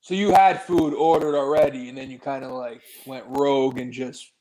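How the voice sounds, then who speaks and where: A man's voice: mid-range voice, steady tone, moderate pace, a crowd in the background, poor audio. A man in casual chat, wry and offhand, who restarts his sentences and swears casually.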